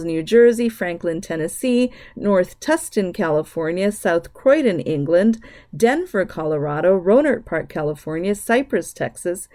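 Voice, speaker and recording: A middle-aged woman hosting her own podcast, reading listener locations aloud and chatting casually with bursts of excitement. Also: medium pitch. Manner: warm, gushing shout-outs to listeners, bursts of excitement. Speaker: podcast host. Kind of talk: casual solo podcast talk.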